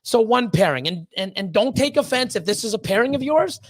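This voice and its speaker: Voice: medium pitch, animated, a little fast. Livestream host, reptile breeder; blunt, profane, heated, restarts a lot. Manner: emphatic repeated pleading. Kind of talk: casual livestream talk to chat.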